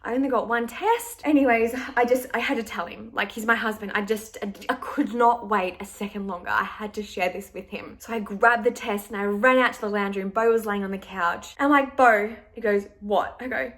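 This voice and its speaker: A woman's voice: medium pitch, fairly quick, hardly any pauses, a bit bright. A young woman vlogging, telling a personal story in a chatty, emotional way with lots of "like". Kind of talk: casual storytelling to camera.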